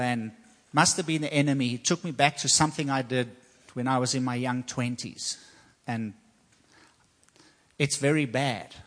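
In a hall with a long reverb, a pastor delivers his sermon in a mid-range voice with a fairly bright tone. He speaks earnestly, offering personal testimony and repeating lines to drive them home.

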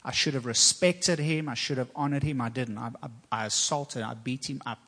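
A man's voice: medium pitch, normal speed, a bit bright, husky. A man preaching a sermon as pastor, earnest and personal, repeating himself for emphasis. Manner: earnest, personal testimony with repetition. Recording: long hall reverb.

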